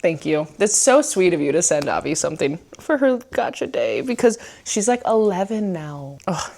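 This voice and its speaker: A woman's voice: fairly low pitch, very animated, moderate pace, vocal fry, a little mellow, slight background noise. A young woman from the United States chatting casually at home in a book vlog, bubbly and gushing, laughing often. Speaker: book vlogger. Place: at home indoors.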